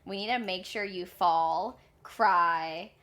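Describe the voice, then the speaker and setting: A woman in her twenties co-hosts a podcast over a remote call, her low-ish, fairly bright voice moving at a slow pace. She chats casually, blunt and self-mocking, and swears a lot.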